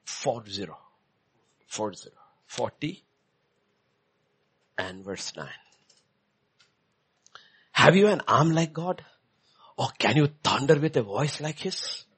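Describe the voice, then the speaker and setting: A male preacher giving a sermon, swinging between hushed lines and loud emphatic ones. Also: medium pitch, sing-song, slow pace, long pauses, slightly rough.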